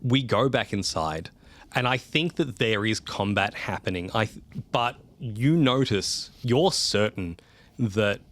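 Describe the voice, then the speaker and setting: Lowish-voiced male game master. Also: expressive, a little slow, a bit bright. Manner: vivid, descriptive narration. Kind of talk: narrating a tabletop game.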